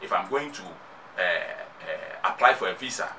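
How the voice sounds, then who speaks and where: A man's voice: sits low, animated, a little slow, bright, forceful tone. A man with a Ghanaian English accent speaking as a guest in a radio interview. He talks emphatically and repeats his points. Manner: emphatic, repetitive rhetorical speech. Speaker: musician and activist guest. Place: radio studio. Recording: distant mic, noisy studio.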